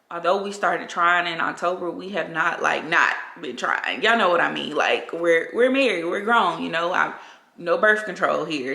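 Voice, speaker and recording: A woman's voice: on the low side, creaky, bright, forceful tone. A young woman vlogger telling a personal story to her viewers at home, chatty, often calling them y'all. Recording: roomy echo.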